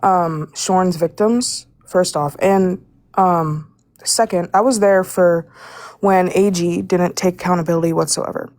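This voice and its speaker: A woman's voice: lowish voice, fairly even intonation, unhurried, a little mellow, dry recording. Angry young woman ranting, dry sound. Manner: angry, indignant, stumbling over words. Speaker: live audio room participant. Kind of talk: heated live call-in rant.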